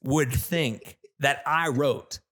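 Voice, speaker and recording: A man co-hosting a casual gaming podcast, talking in an animated, ranting way with lots of restarts. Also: medium pitch, very slow. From not British. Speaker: podcast co-host.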